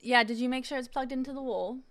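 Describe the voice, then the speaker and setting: A woman's voice: high-pitched, steady tone, quick pace, a bit bright. A woman streamer chatting casually with her viewers, playful, laughing often and swearing freely. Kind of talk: casual live-stream chat.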